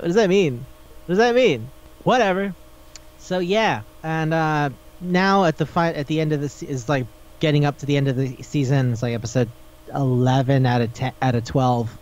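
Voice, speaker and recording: A young man co-hosting a casual podcast, swearing a lot and acting out characters in animated voices. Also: fairly high pitch. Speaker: podcast co-host. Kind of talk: casual chat about anime. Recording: dull lo-fi podcast recording.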